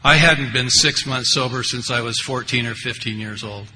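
A man's voice: medium pitch, normal speed, sharp tone. An older man giving a rambling, wry personal recovery share, full of conversational asides. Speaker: speaker at a recovery meeting. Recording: echoey hall, faint background noise.

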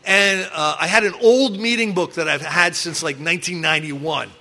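A middle-aged man in recovery telling stories from his drinking past in a casual, animated way, acting out other people loudly and restarting his sentences often. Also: high voice, moderate pace, gravelly. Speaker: recovering alcoholic sharing his story. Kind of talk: casual storytelling talk.

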